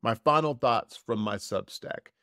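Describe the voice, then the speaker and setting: Reading from a prepared commentary, this man hosts a podcast in an even middle register. He takes his time, easing right down on the words he wants to emphasize, and the sound is close-miked and completely dry.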